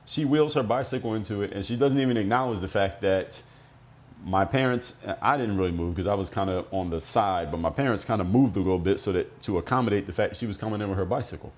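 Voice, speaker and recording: This middle-aged man from Miami, United States, hosts a podcast on his own, telling stories in a fast, low-side voice. He speaks bluntly, explains things, and swears now and then.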